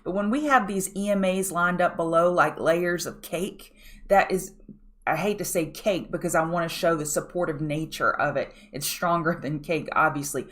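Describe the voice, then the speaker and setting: Here the female host's voice is lowish and fairly bright at a normal pace. She coaches viewers directly through the charts before the market opens, repeatedly pointing them to the chart.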